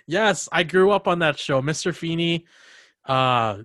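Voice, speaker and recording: A man's voice: fairly high pitch, expressive, a little slow, a bit bright, dry recording, studio quality. A young man hosting a casual podcast chat, telling rambling stories full of fillers and laughs. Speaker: podcast host.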